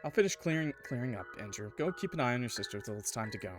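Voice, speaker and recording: A man's voice: mid-range voice, animated, fast, over music, natural voice. A man voicing a strict, controlling middle-aged mother who speaks in stern, clipped orders. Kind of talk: game voice acting.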